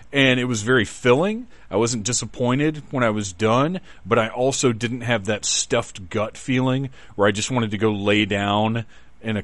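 Low-voiced rambling Southern man. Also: no echo. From Southern United States. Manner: rambling, self-deprecating, chatty. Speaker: podcast host. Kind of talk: casual storytelling monologue.

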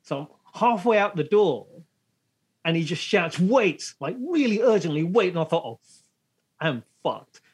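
A man's voice: high-pitched, moderate pace, breathy edge. A man from England telling a casual story, acting out the other people's lines in short voices. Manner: animated anecdote with acted-out voices.

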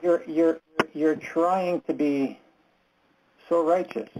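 A man leading a Bible study discussion, talking in a halting, earnest and direct way, often repeating his words. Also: fairly high pitch, steady tone, dull audio, noisy background. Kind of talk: candid group Bible discussion.

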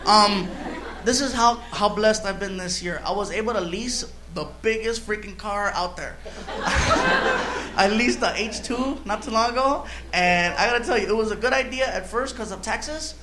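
A man telling a stand-up story in an animated way, chuckling through his own lines. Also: sits high, moderate pace, roomy sound, slight background noise. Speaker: stand-up comedian.

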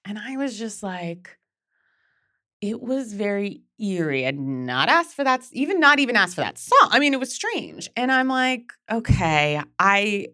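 A woman in her thirties, a podcast guest and memoir author, telling personal stories in a chatty, animated way with casual swearing. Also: mid-range voice, no room sound, studio quality. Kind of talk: candid storytelling.

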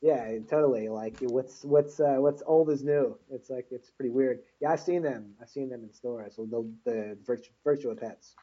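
Husky man, hesitant podcast co-host. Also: mid-range voice, normal speed, hardly any pauses, warm tone. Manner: hesitant, filler-heavy, agreeable. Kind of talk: casual chat. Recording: dull lo-fi podcast audio.

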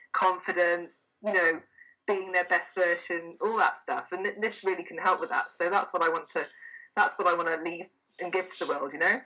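Female therapist, podcast guest, bright tone, enthusiastic and emphatic. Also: on the low side, poor audio. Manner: enthusiastic and emphatic, animated retelling of client stories. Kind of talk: conversational interview.

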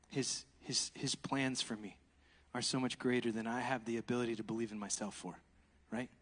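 A man preaching a sermon, animated and laughing, swinging between loud exclamations and hushed asides. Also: medium pitch, fairly quick, big-room sound.

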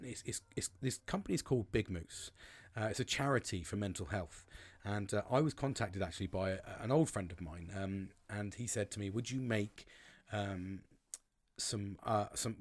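A man talking in a rambling, casual monologue, swearing often and calling people "mate". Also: on the low side.

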